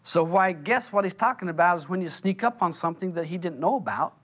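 A man with a somewhat high voice giving a seminar sermon. He talks in a loose, playful, storytelling way, stretching out key words for emphasis. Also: lively intonation, a bit bright. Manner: conversational, playful storytelling with slow, drawn-out emphasis. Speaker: spiritual teacher.

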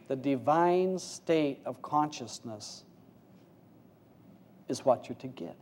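A spiritual teacher preaches an informal sermon in a warm, mellow voice, keeping things folksy and conversational with plenty of rhetorical questions. He sinks into hushed, low moments, then climbs into louder, livelier bursts, staying animated throughout. His pace is slow with long pauses, and there's slight background noise.

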